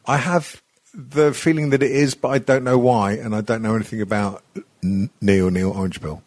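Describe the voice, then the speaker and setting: Husky sweary podcast host. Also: male voice, mid-range voice, steady tone, fairly quick, a little mellow, no echo. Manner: sweary, rambling, self-mocking. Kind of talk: casual podcast chat.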